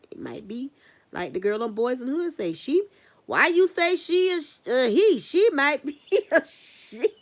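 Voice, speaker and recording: A woman's voice: mid-range voice, gravelly, darkish tone. A woman streaming live as she paints, chatting casually, rambling through her thoughts and asking viewers questions. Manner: rambling, musing aloud, laughs at her own thoughts; talks straight to viewers, asking them questions. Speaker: artist live streaming while painting earrings. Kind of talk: casual livestream chat.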